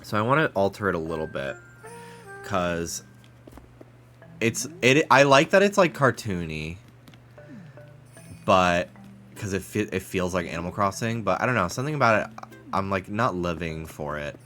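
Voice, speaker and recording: Deep-voiced guy streaming a game, stuffy nose, rambly chatty talk, faint music behind. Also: expressive, moderate pace, pauses often, fairly bright tone. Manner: rambling, chatty, swears freely. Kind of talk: casual chat while streaming a game.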